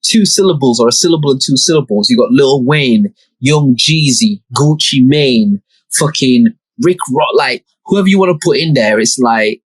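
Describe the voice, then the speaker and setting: A man's voice: medium pitch, animated, moderate pace, slightly rough, dry recording, low-quality recording. A young man, hosting a podcast and telling a story in a laid-back, slangy way with plenty of swearing. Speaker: podcast host. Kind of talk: casual storytelling.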